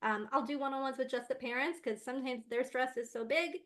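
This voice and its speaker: A woman with a fairly high voice talks as a guest in a relaxed interview. She is animated and playful and breaks into laughter often. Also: a little fast. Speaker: guest, laughter yoga teacher. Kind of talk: casual interview chat.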